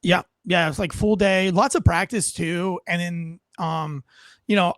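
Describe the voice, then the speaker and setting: A man's voice: sits high, steady tone, measured pace, fairly bright tone, dry recording. Enthusiastic man, theatrical storyteller. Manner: enthusiastic, theatrical, lots of fillers. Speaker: guest, author reading his memoir. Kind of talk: animated storytelling and dramatic reading.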